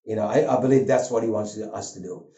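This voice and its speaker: An older man preaching a sermon, an earnest and animated storyteller who weaves a personal story into his message. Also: fairly low pitch, quick pace. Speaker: pastor. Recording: roomy, dull lo-fi sound.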